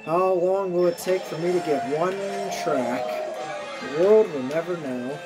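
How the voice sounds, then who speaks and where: A woman's voice: lowish voice, measured pace, over music. A woman recording gameplay commentary, swearing and ranting at the game.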